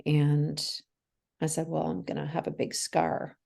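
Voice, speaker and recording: A woman's voice: sits low, completely flat delivery, measured pace, gravelly, warm tone. A woman in her forties, a guest in an interview, telling a candid personal story and acting out the dialogue, laughing through hard memories. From Canada.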